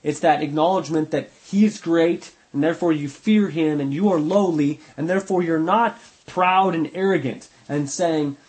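A man's voice: a little high, normal speed, few pauses, darkish tone, rough recording. A man teaching a Bible study, reading verses aloud and explaining them in a conversational way, often repeating points for emphasis and correcting himself mid-sentence.

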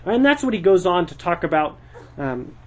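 A man's voice: high-pitched, sing-song, moderate pace, a little mellow. A man teaching a church Bible study in a conversational way, explaining the text verse by verse and thinking aloud as he goes.

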